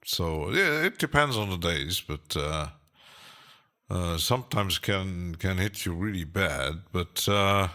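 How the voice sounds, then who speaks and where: Man, low bright voice, slow talk, rambling, hesitant, laughs a lot, casual live-stream chat from a home studio. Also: animated. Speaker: music producer streaming live.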